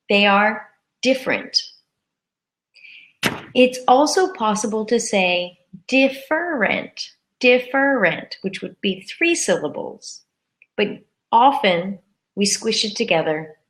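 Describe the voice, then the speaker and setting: Slow, careful woman teaching English. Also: mid-range voice, expressive. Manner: slow, careful, repeats words for learners. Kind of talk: live-streamed grammar lesson.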